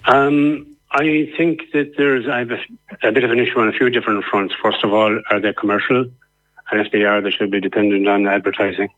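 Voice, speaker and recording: A man's voice: on the low side, fairly even intonation, fairly quick. Irish man calling in by phone. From Ireland. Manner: earnest, argues at length with fillers. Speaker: radio phone-in caller. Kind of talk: call-in debate. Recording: tinny phone line.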